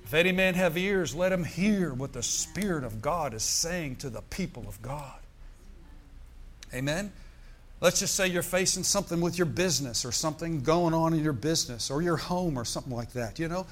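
Preaching man, a bit high-voiced. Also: lively intonation, normal speed, soft background music. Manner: preaching with call-and-response asides. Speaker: pastor. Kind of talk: sermon.

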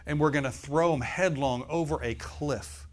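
A male preacher gives a sermon during a church service in a slightly high voice at a moderate pace. His delivery is folksy and conversational, with laughing asides and rhetorical questions tossed to the congregation.

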